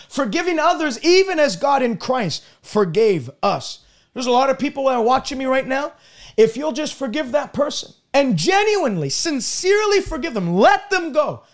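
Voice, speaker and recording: A man with a strikingly high voice preaches with emphatic, repetitive force. He hammers each point with scripture and speaks straight to people watching online. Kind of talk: streamed sermon.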